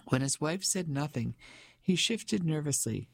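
A man narrating an audiobook in a measured, even storytelling manner. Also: fairly high pitch, vocal fry, dry recording.

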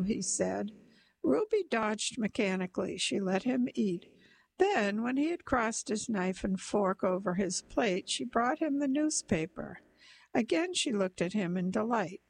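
Slow gravelly woman reading a story. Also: mid-range voice, expressive, darkish tone, poor audio. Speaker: narrator.

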